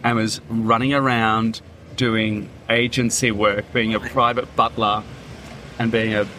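A man's voice: fairly low pitch, little pitch movement, unhurried, sharp tone, a little hiss or hum. A man, a comedian and podcast guest, telling vivid, theatrical food stories in casual chat.

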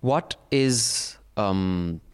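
A man's voice: fairly low pitch, lively intonation, very slow, clean tone. A man hosting a casual panel chat, reading listener mail and teasing his co-hosts. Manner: jokey, teasing, puts on voices for laughs.

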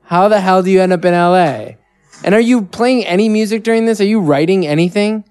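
A male host asking quick, chatty follow-up questions in a casual interview. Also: high voice, darkish tone, clear, resonant tone, soft background music.

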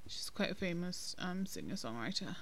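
A woman's voice: on the low side, expressive, normal speed, fairly bright tone. A woman co-hosting a casual film-review podcast, talking in a chatty, hesitant way with many ums and restarts. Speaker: podcast co-host.

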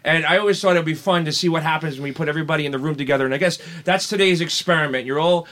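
A man's voice: a little high, very fast, a bit bright. A man hosting a casual chat, joking and stammering through restarts. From United States. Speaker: host.

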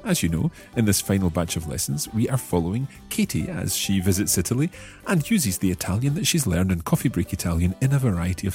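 A Scottish man hosts a language-learning podcast in a lowish, slightly mellow voice. He explains things patiently and encourages his listeners in a friendly teaching style.

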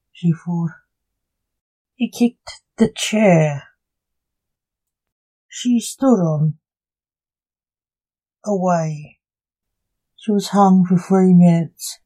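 A narrator reading a fan story aloud in slow, halting phrases. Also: mid-range voice, warm tone, low-quality recording.

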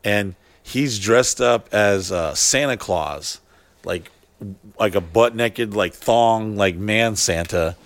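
A man's voice: on the low side, slow, no echo. A man in his thirties telling a long party story in casual chat, rambling and swearing a lot. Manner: rambling, profane, heavy use of "like". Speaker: podcast guest telling a story.

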